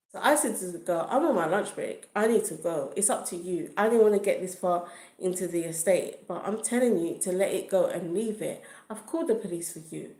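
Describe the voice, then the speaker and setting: A woman's voice: mid-range voice, brisk, mellow. A woman telling a casual story on a livestream, chatty and full of asides like "do you know what I mean.". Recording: echoey room.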